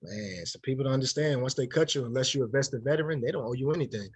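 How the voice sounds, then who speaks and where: A former football player in his thirties speaks in a mid-range, slightly breathy voice at a quick pace. During a casual interview he tells stories with animation, acting out the dialogue.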